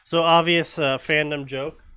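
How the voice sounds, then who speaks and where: Bright rambling male podcast host. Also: a little high, fairly even intonation, unhurried, clean tone. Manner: rambling, many fillers and restarts. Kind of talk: casual fanfiction commentary.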